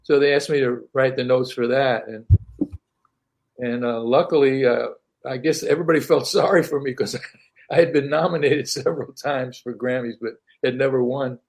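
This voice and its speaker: An older man, a singer-songwriter, telling stories casually as an interview guest, animated, laughing often and repeating words. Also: medium pitch, normal speed. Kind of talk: casual storytelling.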